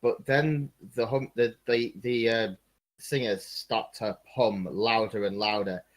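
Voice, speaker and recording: A man's voice: on the low side, steady tone, takes it slowly. A man narrating as game master of a tabletop game, hesitant with many ums and restarts.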